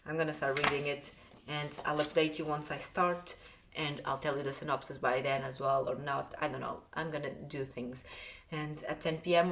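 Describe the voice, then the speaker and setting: Low-voiced Portuguese woman vlogging. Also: fairly bright tone. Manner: earnest and chatty, often trailing off. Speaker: book vlogger. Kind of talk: casual vlog talk to camera. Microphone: phone or camera on a tripod.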